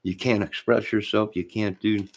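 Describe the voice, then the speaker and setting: Deep husky man rambling to his live chat. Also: steady tone, normal speed. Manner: rambling, repeats himself, talks to chat by name. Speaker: live stream host.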